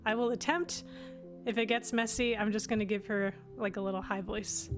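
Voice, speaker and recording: A woman's voice: medium pitch, fairly even intonation, moderate pace. Casual woman streamer thinking aloud. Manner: self-deprecating, thinking aloud. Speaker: game streamer. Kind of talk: casual game commentary. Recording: music playing underneath.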